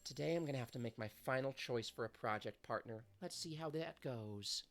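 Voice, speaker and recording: A woman streamer reading a dating game aloud, narrating and commenting in a low, relaxed way. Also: fairly quick.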